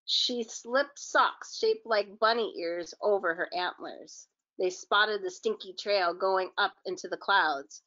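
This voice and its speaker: A woman's voice: mid-range voice, takes it slowly, bright, forceful tone, lo-fi sound. A woman teacher reading a picture book aloud to children, with chatty asides to her young listeners.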